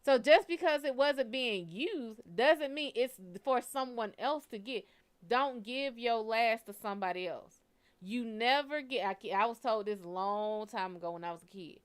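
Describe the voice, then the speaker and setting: A woman's voice: fairly high pitch, moderate pace, smooth. A woman giving a live tarot reading, talking bluntly and conversationally and swearing casually as she tells a story. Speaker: tarot reader.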